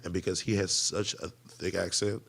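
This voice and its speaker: A man, a guest musician, chatting casually and telling animated stories. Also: deep voice, moderate pace, gravelly. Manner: animated storyteller, acts out quoted voices. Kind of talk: casual chat.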